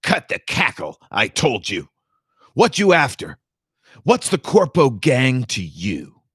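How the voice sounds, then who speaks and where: A man reading a novel aloud puts on a blunt older father, pitched above the reader's own voice and clipped and scornful in delivery. The recording is dry and close. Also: wildly swooping pitch, slow pace, fairly bright tone, breathy edge, dry recording, full character voice. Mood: indignant. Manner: curt and scornful.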